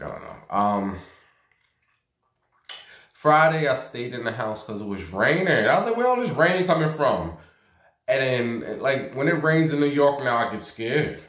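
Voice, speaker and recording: A man's voice: fairly low pitch, a bit bright. Chatty man telling gossip in an echoey room. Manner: chatty and gossipy, acting out quoted voices. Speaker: vlogger. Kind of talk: casual storytelling vlog. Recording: roomy echo.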